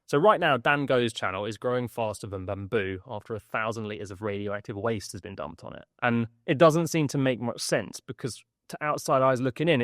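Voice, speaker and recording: A man, hosting a podcast where he reads his newsletter email aloud, lively, with jokey asides and frequent laughs. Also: mid-range voice, no echo, studio quality. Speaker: host.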